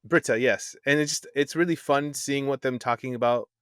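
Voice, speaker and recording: Easygoing guy on a podcast, smooth clear voice, a bit halting, dry mic. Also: mid-range voice, fairly bright tone, no room sound. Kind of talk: casual chat.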